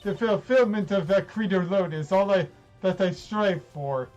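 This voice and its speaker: A man's voice: high-pitched, normal speed, darkish tone, lo-fi sound, faint music behind, close to an everyday voice. A man voicing a haughty young female prosecutor in a mock German accent, cold and scolding. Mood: imperious. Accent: put-on German. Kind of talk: reading game dialogue aloud.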